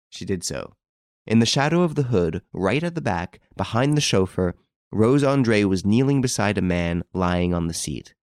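A man's voice: lowish voice, animated, moderate pace, darkish tone, no room sound, clean studio sound. A man narrating a classic novel as an audiobook, reading expressively. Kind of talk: scripted narration.

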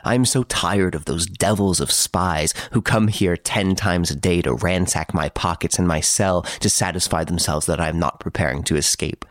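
A man reading an audiobook, voicing a suave, boastful gentleman thief who mocks his jailers from his prison cell. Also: sits low, moderate pace, few pauses, no room sound, clean studio sound, close to an everyday voice. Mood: mocking, playful. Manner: playful, teasing, boastful.

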